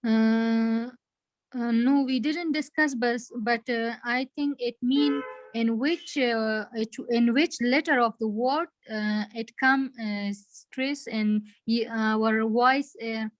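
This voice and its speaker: A woman's voice: a little high, fairly even intonation, slow, dry recording. A woman student answering in an online class, hesitant and searching for words. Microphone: online class call.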